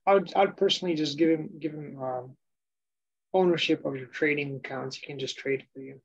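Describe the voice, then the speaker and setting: A man's voice: a little high, brisk, gravelly. A man joking dryly with the host during a live stream, heard over a muffled line. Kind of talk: joking casual chat.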